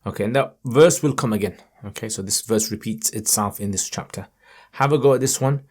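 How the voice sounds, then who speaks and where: A man teaching Quran reading in an online lesson, patiently encouraging and modelling each verse in a slow, melodic recitation tone. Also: on the low side, breathy edge. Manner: chants verses in a raised melodic tone.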